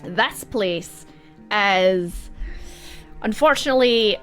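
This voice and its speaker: A woman's voice: mid-range voice, takes it slowly, soft background music. A young Scottish woman narrating as game master, rambling and laughing often.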